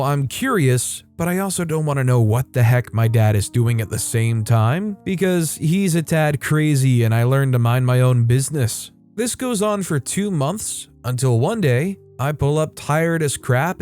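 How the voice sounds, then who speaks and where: A man reads online stories in a scripted storytime delivery and drops casual, wry asides along the way. His voice sits somewhat high for a man. Faint music plays softly behind him. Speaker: story narrator.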